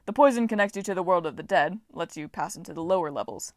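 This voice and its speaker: A woman voicing a pompous, boastful male farm god who talks loudly and theatrically in an audiobook. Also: on the low side, expressive, fast talker, dry recording, clean studio sound. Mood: lecturing. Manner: loud, theatrical, dismissive.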